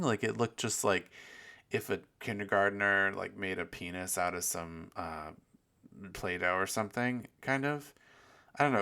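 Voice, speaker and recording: A man with a low, gravelly voice hosts a loose solo podcast. He rambles and curses freely and pokes fun at his own lack of planning. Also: a bit bright. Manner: rambling, profane, self-mocking. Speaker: podcast host. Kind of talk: casual solo podcast chat.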